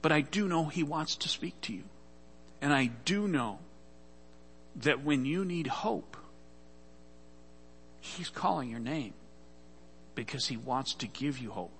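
A man's voice: on the high side, animated, slow pace, pauses often, fairly bright tone, in a large hall, slight background noise. A man preaching a sermon, telling a scripture story earnestly and often repeating words as he goes. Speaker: pastor.

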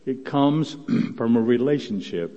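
A man preaching a sermon as pastor, telling a Bible story and voicing its quotes with rising force, often repeating words and clearing his throat. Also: mid-range voice, lively intonation, unhurried, mellow. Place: church sanctuary. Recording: dull sound, long church reverb.

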